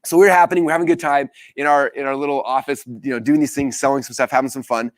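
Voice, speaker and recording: A man's voice: medium pitch, steady tone, racing, no echo. A man in his thirties giving a live business training, telling stories energetically and acting out the dialogue. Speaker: business coach.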